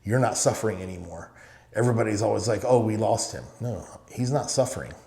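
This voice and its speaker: A man's voice: lowish voice, expressive, a little fast, vocal fry, mellow. A middle-aged man from the Middle East, a podcast guest telling stories in an emphatic way and repeating short phrases. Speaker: guest, real estate owner. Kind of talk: casual interview storytelling. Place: podcast studio. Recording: roomy studio echo.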